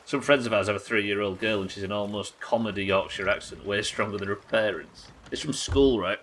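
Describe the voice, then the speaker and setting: A man's voice: on the low side, a little fast, a bit bright, a little hiss or hum. An English man streaming a game, chatting casually and rambling, swearing freely as he plays. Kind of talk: casual chat while playing.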